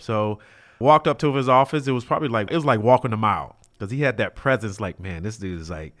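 Middle-aged man telling lively stories. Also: medium pitch, fast. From South Central Los Angeles. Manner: animated, acts out quoted dialogue, many fillers like "you know". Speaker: guest, former college football player. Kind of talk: storytelling in a casual interview.

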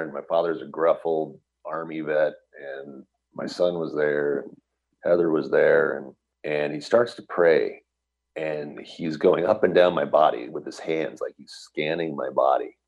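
Very deep husky middle-aged man. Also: dull audio. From US Midwest. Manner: earnest, animated retelling with quoted dialogue and restarts. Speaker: guest telling his recovery story. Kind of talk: personal storytelling in an interview.

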